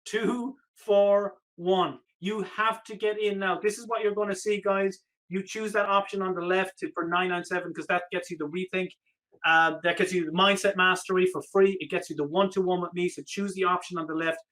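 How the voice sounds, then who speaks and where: A man giving an energetic, persuasive sales pitch on a live webinar, repeating the offer, his voice slightly hoarse. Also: normal speed, poor audio. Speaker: online business coach.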